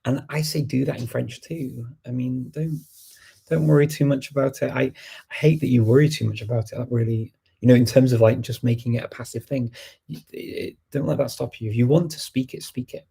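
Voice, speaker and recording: Gravelly, husky man chatting casually. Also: medium pitch, steady tone, a little fast, mellow. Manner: conversational and emphatic, many restarts and laughs. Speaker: language-learning show host answering viewer questions. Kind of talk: casual live Q&A chat.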